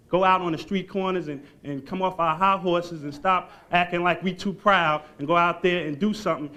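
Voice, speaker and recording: Fervent fast-talking New Jersey man. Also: on the high side, sharp tone. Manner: fervent, stumbling repetitions. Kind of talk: impassioned public comment.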